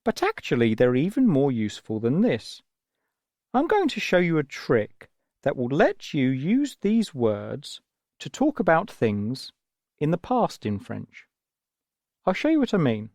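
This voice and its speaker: An English-accented man leads a children's audio lesson, patient and gentle as he explains each step. His pitch rises and falls in a lively, sing-song way. The recording is dry and close, with no room sound. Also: a little slow, dry recording. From England. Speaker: language teacher.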